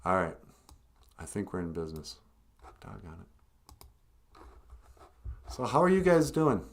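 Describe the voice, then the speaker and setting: A man's voice: lowish voice, very animated, fairly quick. A man who cartoons and plays music, chatting casually on a live stream, rambling and laughing often.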